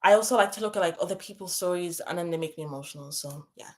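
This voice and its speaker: A woman's voice: fairly low pitch, rapid-fire. Chatty, emotional young woman livestreaming. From moved to England from abroad. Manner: chatty, emotional, many fillers and restarts. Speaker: YouTube livestream host. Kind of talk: casual livestream chat, reading viewer questions.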